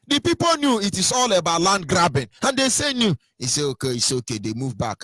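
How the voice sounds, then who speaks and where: A Nigerian man in a heated political monologue, swinging between loud sing-song mockery and low muttering. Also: very animated, fairly quick, no room sound.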